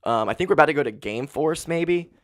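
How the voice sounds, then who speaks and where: A man in his twenties hosting a solo podcast, talking candidly and with grief, swearing often and filling pauses with "like". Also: fairly high pitch, lively intonation, no room sound, studio quality. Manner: candid, grieving, heavy swearing and fillers. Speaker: podcast host. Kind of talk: casual solo podcast monologue. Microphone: handheld podcast mic.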